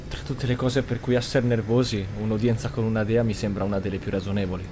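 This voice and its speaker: A man casually commenting while playing a video game, with quick joking asides. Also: on the low side, little pitch movement, noisy background. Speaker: gaming streamer.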